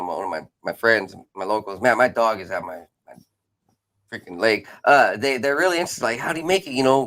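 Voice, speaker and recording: A man in his thirties hosting a podcast, asking questions in a casual, halting way with lots of restarts. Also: on the low side, a bit bright. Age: 30s. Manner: halting, many fillers and restarts. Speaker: podcast host. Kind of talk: casual interview chat.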